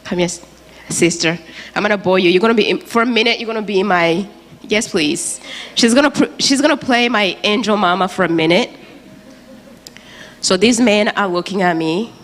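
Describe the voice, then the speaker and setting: A woman's voice: mid-range voice, normal speed, a bit bright, slight background noise. A woman from Rwanda, giving an earnest, emotional personal testimony as a guest speaker in a church. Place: large church auditorium. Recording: reverberant church hall, faint ambience.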